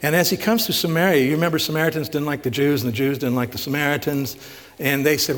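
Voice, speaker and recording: Male pastor, fairly high voice, easy conversational sermon, long hall reverb. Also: steady tone, quick pace, fairly bright tone. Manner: asks rhetorical questions, retells stories with emphasis.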